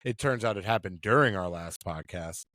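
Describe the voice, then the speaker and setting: A man's voice: on the low side, moderate pace, a bit bright, dry recording. Joking man on a dry call mic. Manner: joking, rambling with restarts. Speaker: podcast co-host. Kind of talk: casual sports chat. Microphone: remote call mic.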